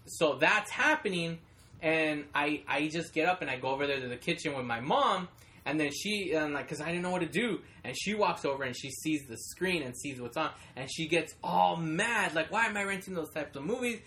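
Man, young adult, casual chat, bright tone, animated storytelling. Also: a little high, moderate pace. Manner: storytelling with animated quoted voices.

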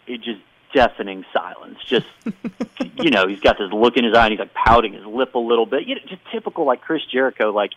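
A man's voice: medium pitch, very animated, brisk, fairly bright tone, no room sound. A man hosting a podcast, retelling a story in casual chat with frequent laughs, on a dull, dry recording. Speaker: podcast host.

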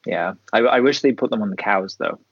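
A man's voice: on the low side, a little fast, husky, no room sound. A man co-hosting a podcast, chatting casually and agreeably, often laughing along. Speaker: podcast co-host. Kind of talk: casual watchalong chat. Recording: dry, dull lo-fi audio.

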